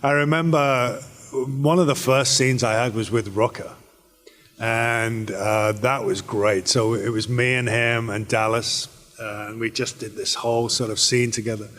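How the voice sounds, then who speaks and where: A British actor answering fan questions on a convention panel, relaxed and rambling with many fillers and restarts. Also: male voice, mid-range voice, measured pace. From Britain. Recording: echoey convention hall.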